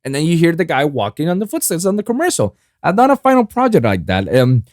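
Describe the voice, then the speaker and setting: Animated, swearing podcast guy. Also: fairly high pitch, fast, dry recording, clean studio sound. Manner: animated, loose and profane, repeats "I kid you not". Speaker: podcast host and music producer. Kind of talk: casual solo podcast talk. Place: lives in South Florida.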